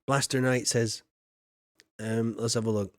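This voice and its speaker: A chatty man rambles on a live game stream and laughs often between thoughts. His voice sits at an ordinary middle pitch, and it is recorded close on a desk mic with a dry, dead sound. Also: fairly even intonation, unhurried, no room sound. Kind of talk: casual live-stream chat.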